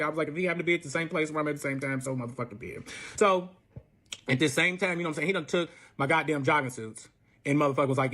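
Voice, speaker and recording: Swearing often, this young storyteller guest shares a personal tale in a relaxed storytime way, speaking rapid-fire in a slightly high voice. He livens it up by performing quoted lines loudly.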